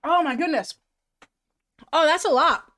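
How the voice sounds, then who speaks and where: A woman's voice: high-pitched, a little slow, a bit bright. A woman streamer chatting casually on a livestream, self-mocking and swearing freely.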